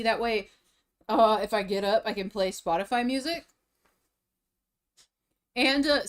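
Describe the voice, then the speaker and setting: A young woman live-streaming, chatting casually and rambling, out of breath after eating. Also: mid-range voice. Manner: rambling, restarts sentences, chatty.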